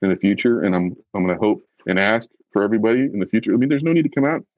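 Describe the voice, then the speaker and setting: Blunt, earnest man with a low voice. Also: lively intonation, racing, no room sound, highs cut off. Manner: blunt, earnest, self-reflective. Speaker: professional bass fisherman, podcast guest. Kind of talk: candid podcast conversation.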